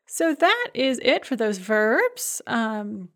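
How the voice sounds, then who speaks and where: A woman teaching a recorded grammar lesson, clear and methodical, drilling word forms one after another. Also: on the high side, big pitch swings, slow pace, a bit bright. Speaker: language teacher.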